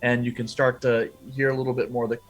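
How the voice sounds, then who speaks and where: A man running a tabletop game as game master, narrating the scene in a halting way with many fillers. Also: medium pitch, flat delivery, faint music behind.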